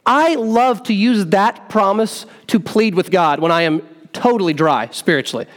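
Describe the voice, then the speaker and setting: A man with a fairly high voice preaches in an earnest, animated way. His colors a teaching sermon full of quick repeated words and restarts.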